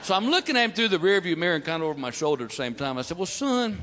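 Animated man telling stand-up stories. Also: high voice, fast. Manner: animated storytelling, acts out family members. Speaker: stand-up comedian. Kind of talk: stand-up comedy routine. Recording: live hall recording with loud background noise.

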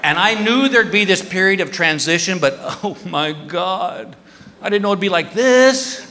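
A man's voice: sits high, animated, a little slow, sharp tone. Self-mocking fifty-something male stand-up. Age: 50s. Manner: self-mocking storytelling, acts out dialogue. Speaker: stand-up comedian. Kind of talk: stand-up routine. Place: live comedy venue on stage. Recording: live hall reverb, audience noise.

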